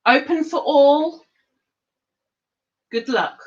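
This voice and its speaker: A woman's voice: high-pitched, very slow, dull audio. A woman hosting an online trivia board game on her stream, chatting to viewers and sometimes talking with her mouth full. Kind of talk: casual live-stream chat.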